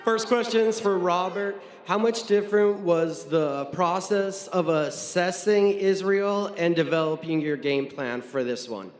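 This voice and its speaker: A man's voice: high voice, a little slow, few pauses, roomy sound, a little hiss or hum. A man asking polite, direct questions as a reporter at a press conference.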